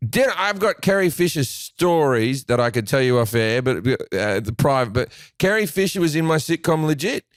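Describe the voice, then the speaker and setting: Speaking at a moderate pace with hardly a pause, this comedian guest has a sing-song, mid-range voice. In relaxed conversation he swears his way through crude anecdotes, restarts phrases often, and performs the quoted voices himself. The studio recording is clean, without any room sound.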